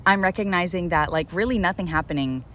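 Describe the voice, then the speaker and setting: A woman vlogging outdoors in the sun, rambling excitedly about her life, saying "like" constantly and swearing freely. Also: on the low side, fast, a little hiss or hum. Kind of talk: casual self-talk vlog.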